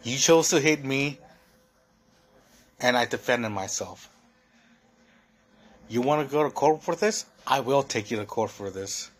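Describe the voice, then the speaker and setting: A man's voice: mid-range voice, animated, a little slow, long pauses. A young man hosting a solo podcast, venting in a heated, profane, rambling way full of fillers. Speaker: podcast host.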